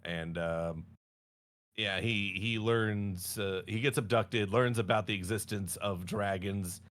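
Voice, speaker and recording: Man, low voice, rambling, jokey, casual livestream chat, self-correcting. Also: steady tone, slow pace, fairly bright tone. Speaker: podcast co-host.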